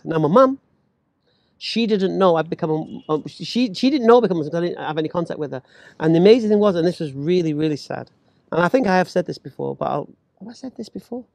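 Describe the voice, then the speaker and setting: A man telling a personal story in casual chat, animated and acting out the voices of others. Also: a little high, gravelly, no room sound. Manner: animated, acts out quoted voices, laughs while talking.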